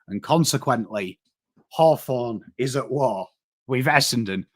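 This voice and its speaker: An Englishman putting on a posh voice to play a pompous older wartime leader giving a slow, grave declaration. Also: mid-range voice, voice pushed down, close to an everyday voice.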